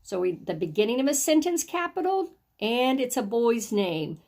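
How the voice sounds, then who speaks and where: A woman teacher with a slightly high voice walks young children through a handwriting worksheet. She sounds words out letter by letter and cheers the class on as they read along with her. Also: very animated, a little mellow. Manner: encouraging, sounds out words slowly and stresses each letter.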